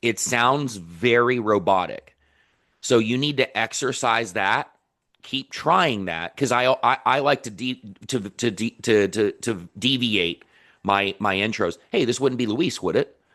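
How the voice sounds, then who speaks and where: Stammering, animated male phone coach. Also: on the low side, takes it slowly. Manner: animated, stammering restarts, acts out lines. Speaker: sales call coach. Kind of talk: coaching feedback on a video call.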